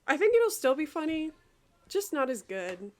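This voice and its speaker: A woman's voice: high voice, sing-song, normal speed. Giggly, foul-mouthed young woman. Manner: giggly, swears freely, self-mocking. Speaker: co-host. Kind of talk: casual chat reading out an AI conversation.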